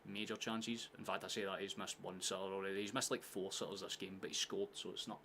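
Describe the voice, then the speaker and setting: A Scottish man streams a live football watchalong and mixes casual, sweary chat with bursts of excited commentary. His voice sits on the low side but comes across forceful and bright. A faint hum of ambience runs under everything. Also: fast talker, vocal fry. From Scotland, near Glasgow. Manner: chatty, sweary, breaks into excited shouts at chances.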